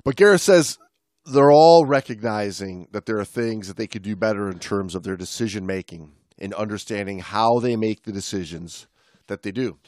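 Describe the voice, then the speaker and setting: A man's voice: lowish voice, no room sound, clean studio sound. A man co-hosting a podcast, chatting casually while reading from an article, with restarts and jokes. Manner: relaxed, stumbling restarts, joking. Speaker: podcast co-host.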